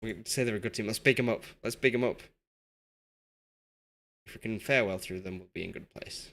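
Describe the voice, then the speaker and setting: A man's voice: on the low side, a little fast, creaky, fairly bright tone. A young man with a Yorkshire accent chatting casually with his live chat while playing a football management game, self-deprecating and talkative. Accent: Yorkshire English. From Yorkshire, England. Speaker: streamer. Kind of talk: casual live-stream commentary.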